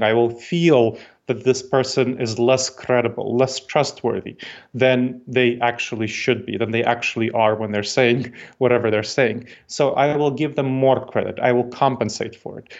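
A muffled recording captures a medium-pitched man in his forties, originally from Moldova, whose Eastern European accent carries a hint of New York. Appearing as a guest expert, he walks through ideas methodically and repeats the main points.

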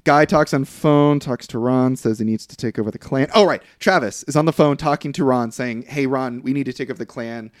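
A man's voice: medium pitch, brisk, few pauses, no echo, clean studio sound. A man casually recapping a film on a podcast, rambling with lots of fillers and the odd curse. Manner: loose, rambling recap with frequent fillers and profanity. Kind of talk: casual chat.

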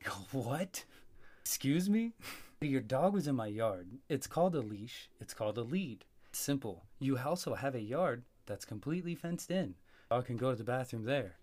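A man telling a long story in casual talk, cursing freely and getting animated. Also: mid-range voice, normal speed. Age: adult with a young child. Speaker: podcast host.

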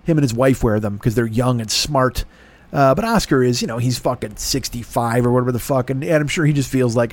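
A middle-aged man rambles through a story with dry sarcasm and constant swearing. He talks at an ordinary middle pitch, in casual monologue style. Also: a little fast. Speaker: podcast host.

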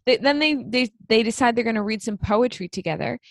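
A woman's voice: on the high side, fairly quick, dry recording. A woman co-hosting a casual chat show, recapping a story and acting out its quotes. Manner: animated, acts out quotes. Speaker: podcast co-host.

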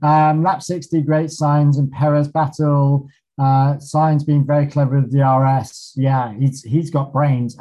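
A man's voice: mid-range voice, a little mellow, muffled recording. A man co-hosting a podcast, recapping a race in clipped notes with frequent ums and casual swearing. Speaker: podcast co-host.

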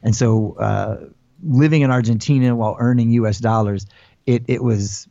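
An American man in his forties, rambling through his answers with restarts and fillers. His voice is dark and mellow. The sound is dry and slightly dull, as if over a remote call. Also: medium pitch, fairly even intonation, moderate pace, creaky, no room sound. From United States. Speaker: guest. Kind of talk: casual interview talk.

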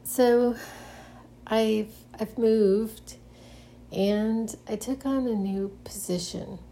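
A woman's voice: a little high, steady tone, extremely slow, warm tone, a little hiss or hum. A middle-aged woman hosting a casual solo monologue, speaking hesitantly with frequent restarts and nervous giggles. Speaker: podcast host.

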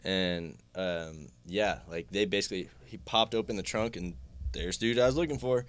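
A man's voice: low-pitched, moderate pace, clear, resonant tone. A man casually telling a long personal story, rambling with lots of filler words and swearing.

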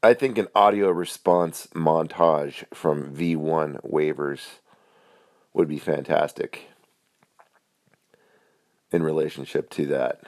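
Deep-voiced man, wry and teasing, dry close recording. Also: fairly even intonation, slow, pauses often, no room sound. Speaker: caller leaving a voice message. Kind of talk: casual voice message.

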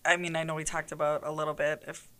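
A woman's voice: low-pitched, level tone, fast talker, pushed and bright. A woman police officer hosting an interview, asking questions hesitantly with many fillers. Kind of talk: conversational interview.

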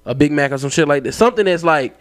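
A man co-hosting a podcast, telling stories in a loose, slangy and animated way. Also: a little high, fast talker, a crowd in the background. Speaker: podcast co-host. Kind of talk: casual chat.

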